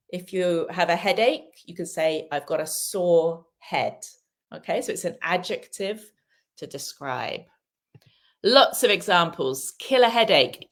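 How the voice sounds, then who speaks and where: A woman from Wales teaching an English lesson in a live online class, patient and encouraging, repeating key phrases. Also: lowish voice.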